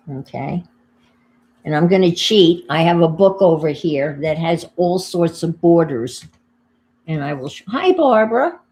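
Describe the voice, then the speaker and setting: With a low, darkish voice and a New York accent, an older woman hosts a crafting livestream, chatting easily with her audience as she works. She says hello to viewers and thinks aloud throughout, over a bit of background noise.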